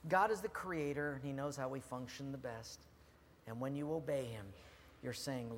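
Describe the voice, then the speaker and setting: A man's voice: mid-range voice, normal speed, slight background noise. Man preaching in a reverberant hall. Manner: animated, swings from loud to hushed. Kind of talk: sermon. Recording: long reverb in a hall, faint ambience.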